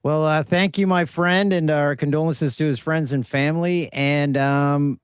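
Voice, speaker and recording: A man's voice: a little high, steady tone, a little slow, clear, resonant tone. A male sports talk host asks his guest questions in a friendly, easygoing tone, with some light laughter now and then. His voice has a dry, close sound with no room echo. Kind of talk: casual interview.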